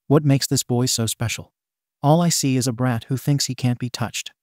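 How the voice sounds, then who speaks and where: A man's voice: medium pitch, normal speed, darkish tone, no echo, studio quality, natural voice. A man voicing a bitter, scarred young male villain confronting his father in a fan fiction reading, menacing and accusing.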